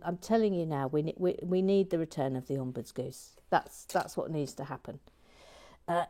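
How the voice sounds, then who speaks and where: A woman's voice: low-pitched, normal speed, dark tone. A woman hosting a stream, reading chat comments in a playful manner and often dropping into a whisper. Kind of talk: casual chat.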